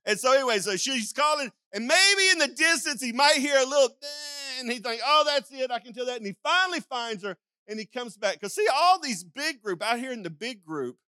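An older male pastor tells a sermon like a folksy story, rambling through asides and acting out calls. His voice sits high and bright. The sound is close and dry. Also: very animated, a little fast, hardly any pauses, no room sound. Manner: rambling with frequent restarts and asides.

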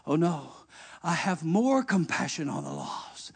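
A man pastor preaching a fiery sermon to a congregation in church. He shouts at the peaks and answers objections that he imagines from the crowd. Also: a little high, huge pitch swings, unhurried, vocal fry, husky. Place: church service.

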